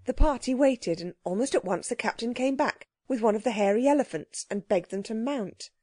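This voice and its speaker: Woman reading a kids audiobook, soft warm mellow voice, dry close mic. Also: fairly high pitch, moderate pace, no room sound. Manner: clear, gently expressive storytelling. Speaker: audiobook narrator. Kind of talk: children's audiobook narration.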